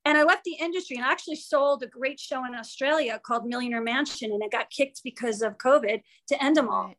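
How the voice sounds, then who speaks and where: A woman's voice: high-pitched, fast talker. A woman being interviewed as a guest, talking candidly and with animation, acting out what people said and swearing freely. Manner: animated, acts out quoted dialogue, swears freely.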